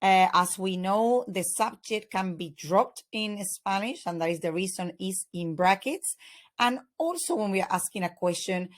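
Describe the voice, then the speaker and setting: Woman patiently explaining Spanish grammar. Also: mid-range voice. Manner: patient, methodical, with frequent "uh" fillers. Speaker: Spanish teacher.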